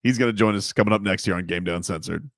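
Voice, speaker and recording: A man's voice: low-pitched, dry recording, studio quality. A man co-hosting a sports radio show, bantering casually with jokey asides. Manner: jokey, riffing, quick asides.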